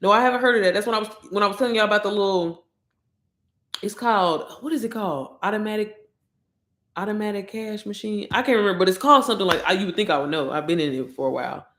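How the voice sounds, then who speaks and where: A woman chats on a casual livestream, excitable and talking straight to her viewers. Her voice sits in a middle pitch. The sound bounces around an echoey room. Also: quick pace. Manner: excitable, chatty, addresses viewers directly. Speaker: online course promoter.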